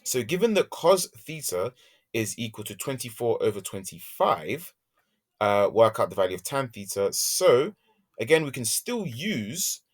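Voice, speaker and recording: A man teaching a maths lesson, working through examples step by step and thinking aloud as he goes, humming softly while he draws graphs. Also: mid-range voice, sing-song, unhurried.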